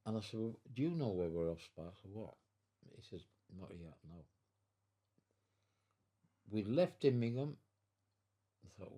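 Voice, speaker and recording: Very old man, deep mellow storyteller. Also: animated, a little slow, pauses often. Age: 90s. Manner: rambling, repeats and restarts, chuckles while telling. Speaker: veteran interviewee. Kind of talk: storytelling interview. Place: his own home.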